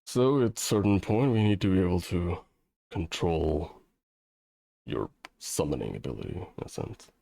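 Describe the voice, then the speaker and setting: A man voicing a dragon spirit who speaks in a slow, musing way. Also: deep voice, lively intonation, vocal fry, warm tone, no echo, full character voice. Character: pondering dragon spirit, calm and dry.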